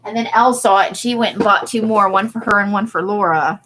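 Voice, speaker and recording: A woman's voice: mid-range voice, quick pace, a bit bright, slight background noise. A woman chatting casually on a craft livestream, laughing often as she answers viewer comments. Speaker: livestream host.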